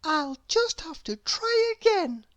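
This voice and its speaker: A woman doing a timid tiny man's high whisper. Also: very animated, slow, fairly bright tone, dry recording, dull audio, full character voice. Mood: despairing. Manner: high thin pleading whisper.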